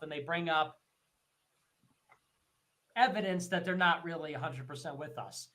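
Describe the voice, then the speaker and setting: High-voiced man ranting, profane. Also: normal speed, pauses often, pushed and bright. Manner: heated, profane, repetitive; mocks others in shrill put-on voices. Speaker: livestream host. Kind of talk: ranting commentary.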